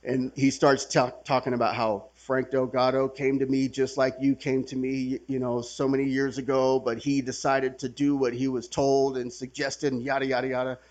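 A man's voice: medium pitch, little pitch movement, normal speed, hardly any pauses, darkish tone, muffled recording. Casual storytelling man, swearing freely. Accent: Californian. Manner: conversational, swearing, acts out quotes with laughs. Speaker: workshop speaker sharing his recovery story. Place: workshop gathering room.

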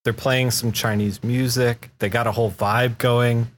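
A man's voice: mid-range voice, little pitch movement, a little slow, slight background noise. A man co-hosting a comic book podcast, steering the talk and teasing his co-host with playful questions and laughter.

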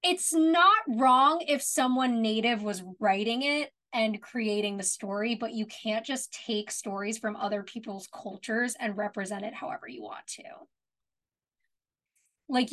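A woman's voice: fairly high pitch, fairly bright tone. A woman co-hosting a podcast, chatting casually and giving frank, opinionated takes on an episode. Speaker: podcast co-host. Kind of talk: casual chat, discussing a TV episode.

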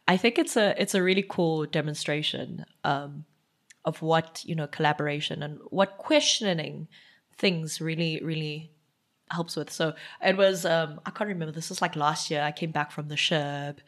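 A woman co-hosting a casual podcast, telling stories in an animated way with frequent laughter. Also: low voice, moderate pace. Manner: animated storyteller, laughs often. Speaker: podcast co-host. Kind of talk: casual chat.

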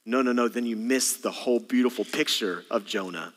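Bright-voiced pastor preaching in a hall. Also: male voice, mid-range voice, a little fast. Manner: dramatic, acts out voices in bursts. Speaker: senior pastor. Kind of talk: sermon. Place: church auditorium. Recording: long hall reverb, faint guitar behind. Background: soft guitar.

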